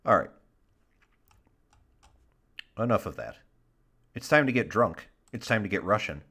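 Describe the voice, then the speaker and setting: A man's voice: on the low side, very animated, unhurried, sharp tone, breathy edge. A man co-hosting a podcast in casual chat, joking, mocking himself and reading chat messages aloud. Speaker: podcast co-host.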